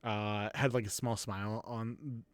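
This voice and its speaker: A man running a tabletop game as game master, narrating in a relaxed, rambling way with many fillers. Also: lowish voice, a little slow, clear, resonant tone, no echo.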